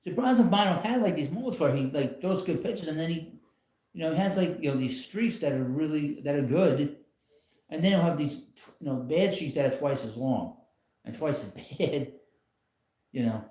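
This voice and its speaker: A man with a slightly high, mellow voice and lively intonation talks at normal speed in a reverberant room. He's a channel host doing a casual live stream at home from a rocking chair. He rambles in a blunt manner and chuckles frequently.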